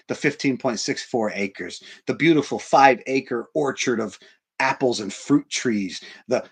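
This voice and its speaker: A man with a husky, breathy voice preaches a sermon in a church. He drops to hushed, near-whispered lines and then rises to loud, emphatic ones. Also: mid-range voice. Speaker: pastor.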